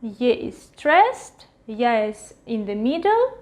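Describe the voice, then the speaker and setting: A woman teaching a pronunciation lesson at a whiteboard, repeating each word slowly several times. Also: fairly high pitch, big pitch swings, darkish tone. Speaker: language teacher. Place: at a whiteboard with a marker.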